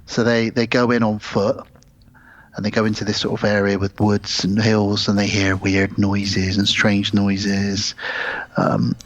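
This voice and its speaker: A man's voice: on the low side, completely flat delivery, unhurried, muffled recording. A man co-hosting a podcast in casual chat, retelling a film plot step by step. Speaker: podcast co-host.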